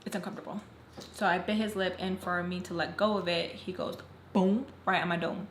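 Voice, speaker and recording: A woman's voice: fairly low pitch, fairly even intonation, brisk. Candid woman telling a storytime, roomy echo. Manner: emphatic, candid storytelling with blunt swearing. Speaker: vlogger. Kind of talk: storytime vlog. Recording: roomy echo, faint background noise.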